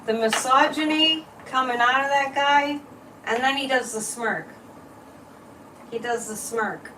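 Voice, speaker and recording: Chatty, opinionated woman hosting a psychic livestream. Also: unhurried. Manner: chatty, opinionated, lively swings in pitch and loudness. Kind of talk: casual livestream chat reading comments and tarot cards. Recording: distant mic with faint room noise.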